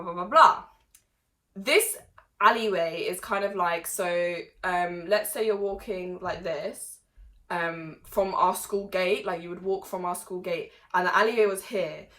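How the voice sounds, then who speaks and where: A young woman tells a story from her teens straight to camera, her voice bright and forward. She talks in a chatty, animated way, laughing along and breaking into sudden loud bursts. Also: mid-range voice. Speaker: vlogger.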